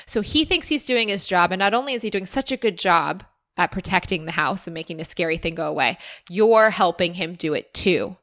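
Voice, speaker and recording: A woman's voice: lowish voice, expressive, a little fast, fairly bright tone. A woman hosting a solo podcast, answering listener questions in an earnest, encouraging and reflective way. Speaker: podcast host. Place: former resident of Austin.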